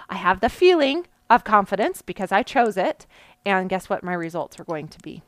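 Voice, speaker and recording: A woman's voice: mid-range voice, animated, moderate pace, fairly bright tone, no room sound. A woman coach giving an earnest, explanatory motivational lesson, often checking in with her listeners and pushing some words with bursts of emphasis. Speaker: mindset coach. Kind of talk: motivational teaching talk.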